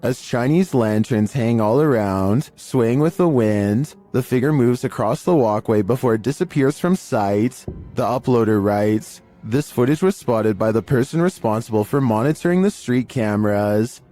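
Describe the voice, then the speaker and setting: Guy doing scripted spooky narration, mid pitch, steady and measured, soft music under it. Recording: faint music bed under voice.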